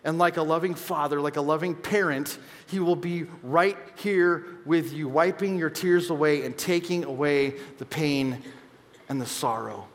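Earnest man preaching in a reverberant hall. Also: fairly high pitch. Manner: earnest storytelling, conversational preaching. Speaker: pastor. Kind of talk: sermon. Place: church sanctuary.

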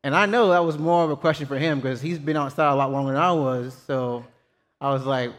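A man's voice: a little high, steady tone, fast. A man preaching a sermon, telling a personal story in a casual, self-deprecating way. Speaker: pastor. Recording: long hall reverb.

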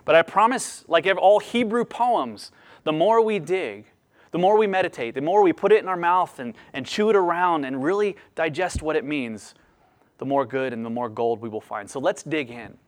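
A man preaching a sermon as a pastor, speaking expressively with lively rises and drops. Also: fairly high pitch, moderate pace.

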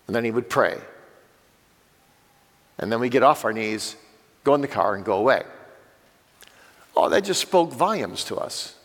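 A man's voice: medium pitch, lively intonation, moderate pace, long pauses, fairly bright tone. An older man giving an earnest church teaching talk, speaking directly to parents. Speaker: Bible teacher. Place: church hall. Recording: long church-hall reverb.

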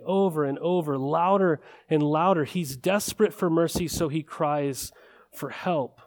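Earnest male preacher, higher-pitched voice. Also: normal speed, darkish tone. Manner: earnest, building emphasis with repeated phrases. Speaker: pastor. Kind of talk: sermon.

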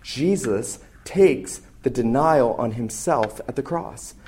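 A male pastor delivering a sermon in an earnest, emphatic way, pressing hard on the words he wants to land. His voice sits at an ordinary middle pitch for a man, neither deep nor high. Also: expressive, slow, a little mellow, husky. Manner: earnest, emphatic preaching with rising intensity.

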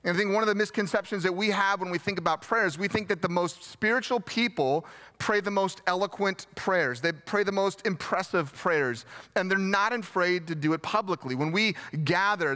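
A man preaching a sermon as pastor, conversational and gently self-deprecating, repeating key phrases for emphasis. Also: high-pitched.

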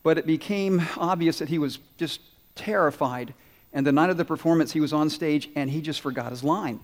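A fairly high-voiced man gives an animated children's sermon. He quizzes the kids and fills in their answers, sometimes rising to bursts and sometimes dropping low. A long hall reverb trails after his words. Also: brisk. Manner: animated, asks children questions and answers for them. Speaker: pastor.

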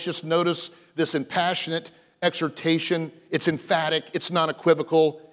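A man preaching with a slightly high voice, earnest and emphatic, swinging between firm stress and hushed asides. His words ring out with a long reverb, as if in a big church sanctuary. He delivers it as a pastor giving a sermon. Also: flat delivery, normal speed. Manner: earnest, emphatic preaching with soft dropped passages. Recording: long reverb of a large hall.

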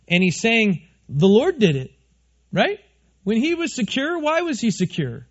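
A man with a high voice preaches a lively sermon from a church stage, often turning questions back to his congregation. The recording is a little muffled and lo-fi. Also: measured pace. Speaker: pastor.

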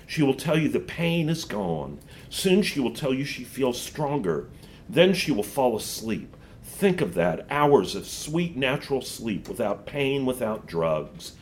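A man's voice: medium pitch, big pitch swings, unhurried, slight background noise, pitched above the performer's own voice. A man reading a storybook aloud and voicing a scheming female witch who coaxes and scorns a boy. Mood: coaxing.

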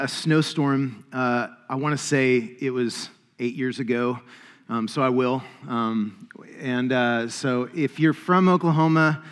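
A male pastor speaks to a church congregation in a loose, chatty storytelling manner, dropping "uh" and "um" as he goes. His voice sits at an ordinary middle pitch, and it carries a long reverb from a large church hall. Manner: casual storytelling with frequent fillers. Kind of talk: sermon.

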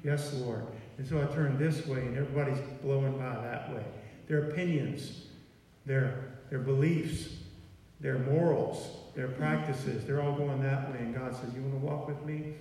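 A man's voice: medium pitch, steady tone, moderate pace, dark tone. A man preaching a sermon in a folksy, conversational way, with "okay" and "y'all" sprinkled in. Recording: far from mic in an echoey hall.

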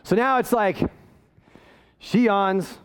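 This is a male pastor delivering a sermon with a notably high-pitched voice. He tells stories in a relaxed, self-deprecating way and then presses his point with real emphasis. He sounds middle-aged. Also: takes it slowly, a little hiss or hum. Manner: storytelling, self-deprecating and conversational, rising to emphatic preaching.

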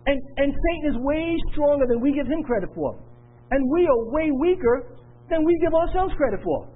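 A man's voice: extremely high pitch, animated, normal speed, phone-quality sound. A middle-aged man preaching a sermon with earnest, repetitive emphasis. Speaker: pastor.

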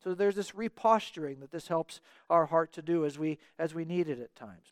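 A man's voice: a little high, normal speed, no room sound, clean studio sound. A man preaching a sermon as pastor, earnest and repeating words for emphasis.

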